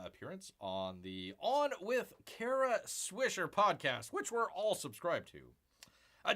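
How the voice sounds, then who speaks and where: Male stream host, upbeat and sharp-toned, chatty news commentary full of fillers. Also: sits high. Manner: rambling, many fillers, sarcastic asides. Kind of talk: casual pop-culture news commentary on a livestream.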